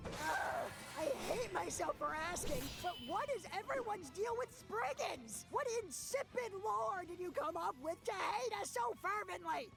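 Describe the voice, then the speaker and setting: A woman's voice: very high-pitched, expressive, a little slow, vocal fry, music in the background, full character voice. A woman voicing a snarky, sarcastic young male swordsman. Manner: sarcastic, exasperated. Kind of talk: comedy parody voice acting.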